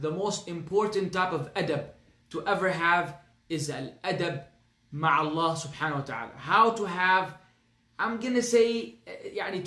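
A man's voice: sits high, bright, forceful tone, reverberant. A man with an Arabic accent teaching a religious class, speaking earnestly and emphatically, often repeating his phrases. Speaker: Islamic teacher.

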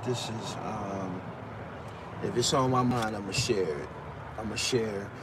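A man's voice: fairly low pitch, unhurried, background noise. A man hosting a casual live stream, talking loosely and with profanity as he reads out viewer comments and gives his take. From Brooklyn, New York.

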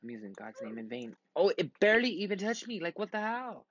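A man's voice: high-pitched, sing-song, fairly quick, hardly any pauses, a bit bright, lo-fi sound. A tired young man in his twenties giving rambling, casual commentary while playing a computer game, swearing often and breaking into sudden outbursts. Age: 20s. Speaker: gaming vlogger.

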